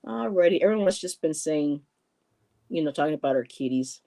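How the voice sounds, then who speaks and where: A woman's voice: sits low, expressive, brisk, gravelly, warm tone, poor audio. A woman hosting a casual livestream, reading viewer comments aloud and greeting people by name, with frequent ums and restarts. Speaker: livestream host.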